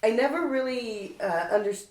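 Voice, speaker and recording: A woman hosting a podcast in casual conversation, relaxed, trailing off with fillers and laughing often. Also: a little high, moderate pace. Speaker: podcast host. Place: indoor room, recorded locally. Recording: roomy echo.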